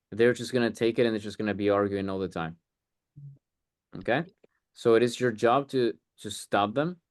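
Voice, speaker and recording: A man's voice: lowish voice, dry recording, studio quality. A man coaching a sales group on a video call, blunt and emphatic.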